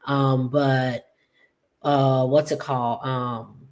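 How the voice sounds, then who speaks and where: Chatty woman rambling through a recap. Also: extremely low pitch. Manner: chatty, rambling, full of "like" and "just like"; slips into quick, animated paraphrased quotes. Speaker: soap opera recap vlogger. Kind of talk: casual episode recap.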